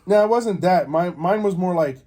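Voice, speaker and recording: Male podcast host, relaxed dark tone, rambling storyteller with lots of fillers. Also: high voice, normal speed. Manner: rambling, many fillers and restarts. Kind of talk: casual storytelling.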